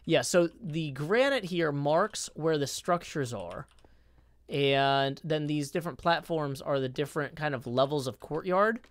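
A man's voice: on the high side, unhurried, no echo. Chatty, rambling male game streamer. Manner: rambling, chatty, self-deprecating; upbeat when greeting viewers. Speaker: live streamer. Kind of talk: casual live-stream chat while building in a game.

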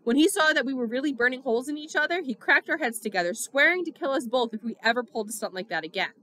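Woman reading a first-person novel, steady storyteller, brightish higher voice. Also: fast talker. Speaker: audiobook reader.

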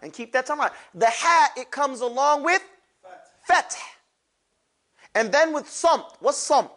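Animated man teaching a class. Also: very high-pitched, measured pace. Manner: animated, drills the class to repeat sounds aloud. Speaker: Quran recitation teacher. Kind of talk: classroom lesson on letter pronunciation.

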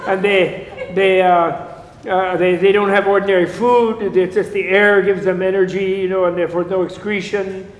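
A man's voice: high-pitched, little pitch movement, moderate pace. A man teaching a class on Buddhism in a casual, digressive lecture, joking and chuckling as he goes. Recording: echoey lecture room.

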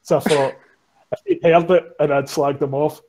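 A man's voice: on the high side, steady tone, normal speed, a little mellow, slight background noise, low-quality recording. A man with a Scottish accent, a podcaster guest telling stories in casual chat, swearing freely and laughing at himself. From Scotland. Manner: swears freely, laughs often, self-mocking storyteller.

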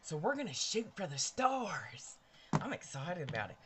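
A woman's voice: sits low, very animated, normal speed, background noise. A woman hosting a casual live stream from her bedroom, chatty and bubbly, greeting viewers by name. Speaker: livestream host. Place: bedroom at home.

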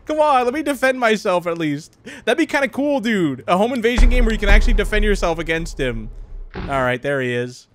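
A man's voice: high voice, big pitch swings, fairly quick, noisy background. A young man commenting on a horror game as he plays, jumpy and joking, laughing often. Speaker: gaming youtuber.

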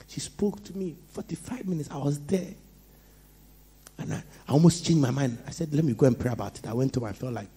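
A man with a Ghanaian accent preaching a sermon, telling stories with animated swings between soft asides and loud, laughing outbursts. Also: mid-range voice, brisk, husky. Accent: Ghanaian English. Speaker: pastor.

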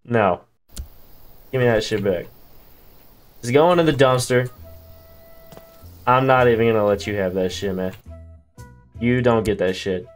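A man's voice: medium pitch, unhurried, pauses often, soft background music. A man doing casual gameplay commentary, joking around with slang and profanity and chatting with the characters on screen. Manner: slangy, profane, jokey banter with game characters.

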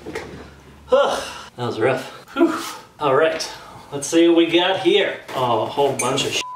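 Male vlogger, high-pitched, profane and jokey, echoey room, faint music bed. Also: expressive, measured pace, background noise. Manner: profane, joking, laughs often. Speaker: YouTube host. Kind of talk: comedic product review.

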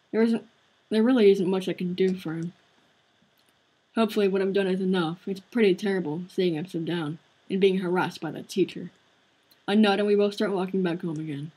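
A woman's voice: mid-range voice, steady tone, brisk, pauses often, warm tone, husky, poor audio. A woman streaming a visual novel, narrating its story aloud in an earnest, conversational way. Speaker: game streamer.

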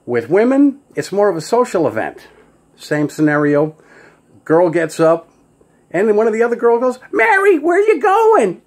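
A man with a New York accent tells jokes and stories in a casual monologue, with a voice that's a little mellow. He jumps into high, squeaky voices for his characters.

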